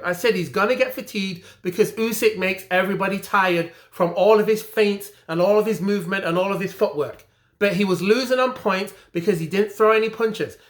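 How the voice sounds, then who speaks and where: Fuming over a boxing decision, this vlogger from England hammers the same points again and again in an angry opinion rant. He has a high voice with a fairly bright tone.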